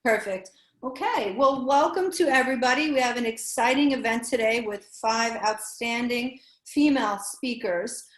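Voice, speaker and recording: A woman with a New York accent, moderating a panel and introducing speakers, talking quickly with many fillers and restarts. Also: on the high side, reverberant, low-quality recording. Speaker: panel moderator, university program director. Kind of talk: panel introduction on a video call.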